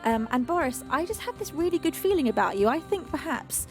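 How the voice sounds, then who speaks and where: A young British woman hosts a live music stream and fondly greets her chat one name at a time. Her voice sits high and she keeps an effusive, doting tone, with faint music behind her. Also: big pitch swings, brisk. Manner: effusive and affectionate, reading out chat names. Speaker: streamer and singer.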